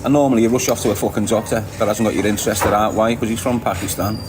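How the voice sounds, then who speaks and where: A man's voice: fairly low pitch, steady tone, very fast, background noise. A man with a Liverpool accent hosting a livestream, chatting casually and bluntly with viewers, swearing often and laughing a lot. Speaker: livestream host. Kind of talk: casual livestream chat reading viewer comments.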